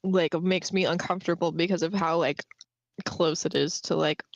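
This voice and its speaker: A woman's voice: lowish voice, steady tone, gravelly, dry recording, lo-fi sound. Chatty young woman co-host, dry sound. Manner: chatty, many fillers, bursts of quick speech. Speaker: podcast co-host. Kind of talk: casual discussion of a web serial.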